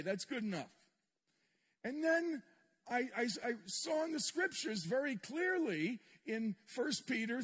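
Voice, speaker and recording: Older guy preaching, high-pitched and kinda husky, candid and self-mocking, big echoey church hall. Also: a bit bright. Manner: candid, self-deprecating storytelling with humor. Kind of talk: sermon storytelling. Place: church sanctuary with congregation. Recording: long reverb in a large hall.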